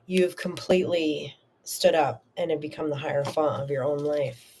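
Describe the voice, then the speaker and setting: A woman's voice: low voice, a little fast, slight background noise. A woman hosting a live tarot reading stream, speaking earnestly and spiritually to viewers by name, with fillers and restarts, sometimes getting emotional. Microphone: streaming to viewers live, no moderator.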